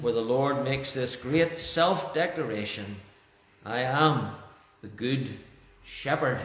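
Slow-speaking male pastor in an echoey church. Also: medium pitch, slight background noise. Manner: slow and deliberate, dwelling on key phrases. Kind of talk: sermon with opening prayer. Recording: roomy church echo.

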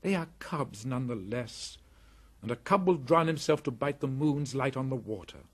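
A man's voice: mid-range voice, normal speed, slightly rough, pitched above the performer's own voice. Mowgli, a man doing a fierce jungle boy. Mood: earnest. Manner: lively, commanding boy's voice.

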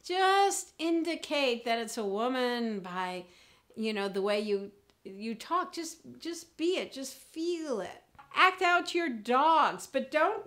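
A woman teaching comedy and public speaking in an animated, demonstrative way, acting out examples as she goes. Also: fairly high pitch. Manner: animated, demonstrative, jumps into character voices. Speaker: speaking coach. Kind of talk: comedy presentation lesson.

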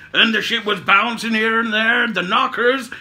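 Bright high-voiced man rambling comically. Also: steady tone, measured pace. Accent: mix of Cockney and Somerset. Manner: rambling, self-correcting, swearing, laughing at own jokes. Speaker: comic puppet show host. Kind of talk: rambling comic storytelling in character.

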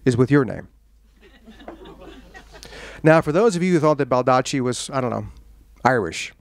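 An American author with a mid-range, gravelly voice tells humorous stories at a bookstore event, speaking at normal speed. He's animated, acts out the voices of the people in his tales, and cracks self-deprecating jokes.

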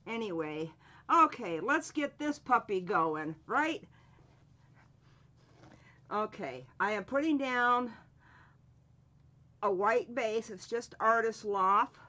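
A woman's voice: on the high side, lively intonation, bright, forceful tone. A woman hosting a live painting tutorial, chatting casually, greeting viewers by name and thinking aloud with frequent fillers as she works. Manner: slow, drawn-out speech with frequent fillers. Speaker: craft channel host.

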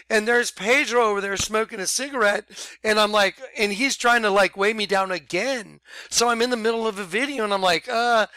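Man, casual storytelling vlog, animated retelling, high bright voice, dry close sound. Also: no echo. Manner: animated retelling, repeats "I'm like". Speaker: vlogger.

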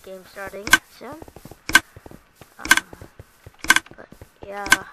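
A woman giving casual commentary while playing a shooting game, excitable and prone to sudden yelps and shrieks. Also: mid-range voice, very slow, very noisy. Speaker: gameplay video host. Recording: loud game gunfire over voice. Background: game gunshots and clicks.

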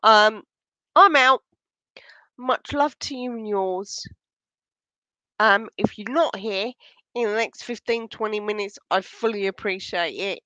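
A woman's voice: medium pitch, sharp tone, clear, resonant tone, no echo, rough recording. A woman vlogger ranting casually, agitated and shaken, swearing heavily and stumbling over restarts. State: angry and shaken. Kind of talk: casual unscripted vlog rant.

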